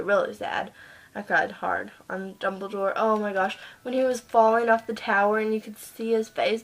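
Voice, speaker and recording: A woman's voice: medium pitch, a bit bright, low-quality recording. Casting: teen girl vlogger, chatty and rambling, webcam mic, faint music under. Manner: gushing, rambling with many ums and likes. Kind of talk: casual chat. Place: at home in front of a computer.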